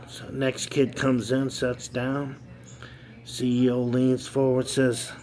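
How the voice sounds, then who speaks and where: A man's voice: medium pitch, flat delivery, normal speed, darkish tone. A man telling a long joke in a folksy, easygoing way, with the odd um and uh. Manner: folksy, easygoing, with ums and uhs. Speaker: joke teller. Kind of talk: casual storytelling joke.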